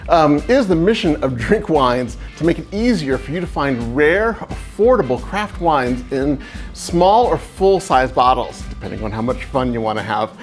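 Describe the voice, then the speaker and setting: A man's voice: fairly high pitch, animated, moderate pace, soft background music. A man hosting a charity event, casual, chatty and a little scattered as he introduces the guest. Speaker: event host.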